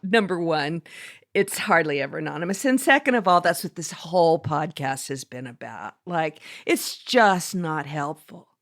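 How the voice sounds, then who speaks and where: A woman's voice: low voice, normal speed. A woman co-hosting a podcast in casual conversation, telling stories with lots of animation and acting out the people she quotes. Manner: animated storyteller, acts out quoted dialogue. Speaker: podcast co-host.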